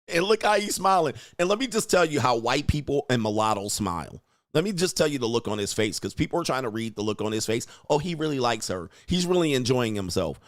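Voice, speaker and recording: A man hosts his own online show, delivering blunt, mocking commentary as he reacts to footage. His voice sits at a middling pitch and is recorded dry and close, with no room around it. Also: no room sound. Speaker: host. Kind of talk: casual commentary stream.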